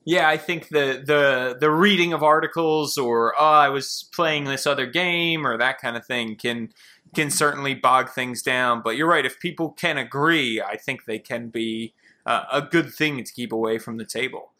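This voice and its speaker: Bright-voiced man hosting a panel. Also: mid-range voice, normal speed. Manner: laughs often, hands questions to each guest. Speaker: podcast host moderating a panel. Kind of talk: casual panel discussion.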